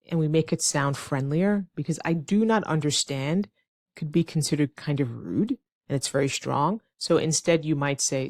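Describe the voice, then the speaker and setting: An American woman teaching English phrases in an online lesson, lively and with playful acted-out examples. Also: low voice, no room sound, clean studio sound.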